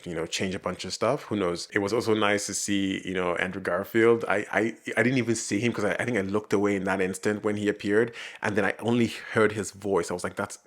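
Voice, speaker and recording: Man, low voice, casual reaction commentary, rambling, lots of ums and restarts. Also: steady tone, fast, few pauses. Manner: rambling, with many fillers and restarts; laughs often while talking. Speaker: reaction video host.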